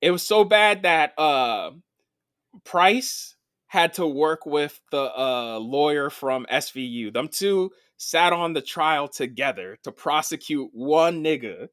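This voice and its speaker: A man co-hosting a casual podcast, recapping TV episodes in an animated, profane storytelling way. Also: a little high, slow pace, smooth, no echo, studio quality. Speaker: podcast co-host. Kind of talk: casual film and TV chat.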